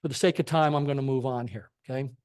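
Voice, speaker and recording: A man's voice: medium pitch, fast talker, a little mellow, smooth. A middle-aged man giving a church talk on science and faith, emphatic and full of rhetorical questions, often checking in with "okay?". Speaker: guest speaker at a church. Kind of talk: sermon-style lecture on science and faith. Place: church sanctuary.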